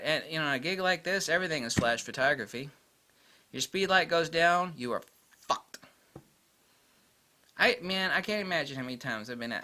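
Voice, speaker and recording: A man's voice: a little high, expressive, normal speed, bright, forceful tone. A man hosting a photography channel, ranting bluntly and profanely about gear in a vlog monologue.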